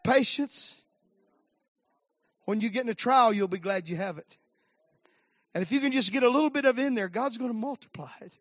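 High-voiced fervent preacher in his fifties. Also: a little fast, long pauses, no room sound. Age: 50s. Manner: fervent preaching, swinging from low murmurs to shouted climaxes with "uh" fillers. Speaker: pastor. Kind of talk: sermon. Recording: dry, dull lo-fi recording.

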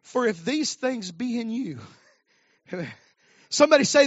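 Fifties pastor, very high voice, fervent preaching swinging to shouts, dry dull lo-fi recording. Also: male voice, expressive, slow, no echo. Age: 50s. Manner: fervent preaching, swinging from low murmurs to shouted climaxes with "uh" fillers. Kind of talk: sermon.

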